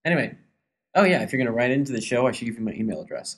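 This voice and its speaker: A man's voice: mid-range voice, animated, rapid-fire. A man hosting his own podcast, chatting casually and rambling, with frequent ums and trailing asides. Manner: rambling, hesitant, many ums. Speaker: podcast host. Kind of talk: casual solo chat.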